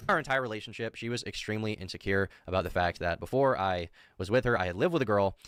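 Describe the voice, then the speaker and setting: Fast, methodical man reading messages. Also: fairly low pitch, clear, resonant tone, no echo, clean studio sound. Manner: methodical, defensive, reads dates and quotes flatly. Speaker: person responding to allegations.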